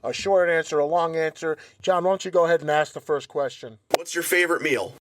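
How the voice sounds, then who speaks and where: A man co-hosting a podcast interview and firing off quick questions. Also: fairly high pitch, background noise. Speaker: podcast co-host.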